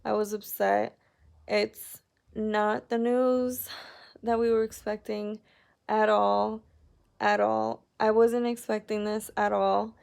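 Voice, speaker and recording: A woman's voice: mid-range voice, little pitch movement, slow pace, creaky, a little mellow. A young adult woman telling a personal story in a casual vlog, rambling and candid, with many "like"s and an upset tone. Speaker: vlogger.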